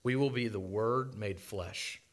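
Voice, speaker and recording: A man preaching a sermon as a dramatic monologue, impassioned and swinging from loud to hushed. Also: lowish voice, measured pace.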